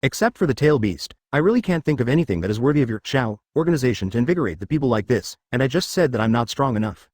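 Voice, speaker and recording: A man's voice: mid-range voice, big pitch swings, fast, few pauses, dry recording. A man reading a cocky young fighter. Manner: confident, sly. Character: cocky young male martial artist.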